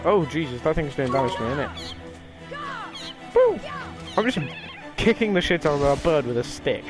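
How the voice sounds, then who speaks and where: Sweary young gaming streamer. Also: male voice, fairly high pitch, sing-song, moderate pace, low-quality recording. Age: young adult. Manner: sweary, offhand, chatty. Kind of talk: casual let's-play commentary. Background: game music.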